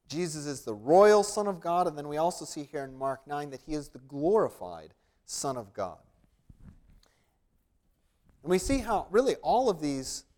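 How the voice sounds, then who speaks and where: A man preaching a sermon in a church room. He talks casually and tells stories, restarting his sentences and filling gaps with "um" and "uh". His voice sits a little higher than most men's. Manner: conversational, storytelling with restarts and fillers. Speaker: pastor.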